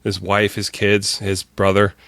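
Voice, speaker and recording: A man's voice: lowish voice, completely flat delivery, measured pace, a bit bright, no room sound. A man co-hosting a podcast, chatting casually, hesitant with many fillers and easy laughs. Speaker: podcast co-host. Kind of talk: casual chat.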